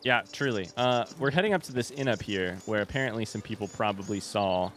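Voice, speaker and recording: A man's voice: on the low side, fairly quick, fairly bright tone, soft background music. Giggly, rambling young man at play. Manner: giggly, rambling, self-deprecating. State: tired late at night. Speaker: let's play host. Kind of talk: casual gameplay commentary.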